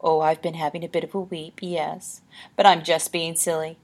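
Lady doing a prim sly ghost lady, soft and proper, a bit husky and old-fashioned. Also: deep voice, flat delivery, moderate pace. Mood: wistful.

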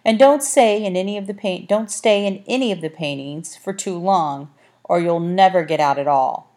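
A woman's voice: on the low side, normal speed, a little mellow, natural voice. A woman reading the part of a haughty, brusque talking cat, with a dry, clipped, condescending manner in a storybook. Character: haughty brusque orange tomcat guide.

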